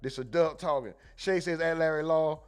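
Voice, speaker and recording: Streamer type: high-pitched man, animated and loud in bursts, casual chat-reading host. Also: normal speed, smooth. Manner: animated, loud bursts, mimics people in quotes, laughs. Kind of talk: casual live stream commentary.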